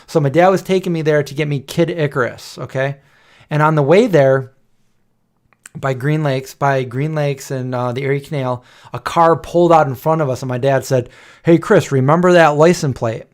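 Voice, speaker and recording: A man's voice: mid-range voice, fairly even intonation, moderate pace. A man in his forties hosting a late-night livestream, telling rambling, playful nostalgic stories and singing old jingles. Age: 40s. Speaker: livestream host. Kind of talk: casual nostalgic storytelling to chat.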